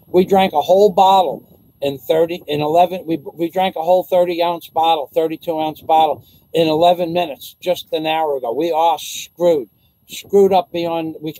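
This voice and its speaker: A man tells a long personal story to the camera, loose and profane, stumbling over restarts as he plays out every line of dialogue. His voice sits a bit high for a man, yet the tone is warm and mellow. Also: normal speed, low-quality recording. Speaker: vlogger. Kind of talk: casual storytelling.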